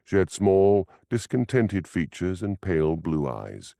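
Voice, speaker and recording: Deep gravelly male audiobook narrator, lively delivery, close and dry. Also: a little slow, no echo. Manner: expressive storytelling. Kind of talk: scripted narration.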